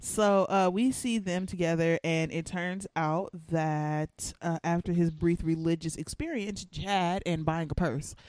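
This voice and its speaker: A man's voice: a little high, a little slow, few pauses, darkish tone, dry recording. A man hosting a casual recap podcast, telling the story and acting out the characters' lines. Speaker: podcast host recapping a TV episode.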